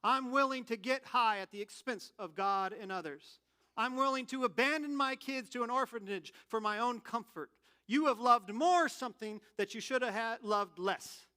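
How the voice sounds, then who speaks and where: A man preaching a sermon in a candid, animated, conversational way, telling personal stories. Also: very high-pitched, moderate pace, clean tone. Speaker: pastor.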